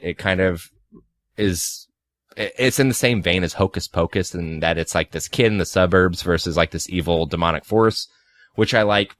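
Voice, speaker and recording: Podcast co-host, man in his twenties, very low voice, rambling and loose, dry close sound. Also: fairly bright tone, no room sound. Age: 20s. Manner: rambling, filler-heavy, sarcastic asides. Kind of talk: casual podcast chat about movies.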